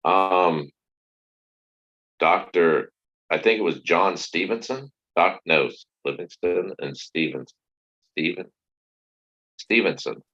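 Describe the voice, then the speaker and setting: Very deep-voiced man on a dull line. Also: slow, pauses often, a bit bright. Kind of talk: casual chat.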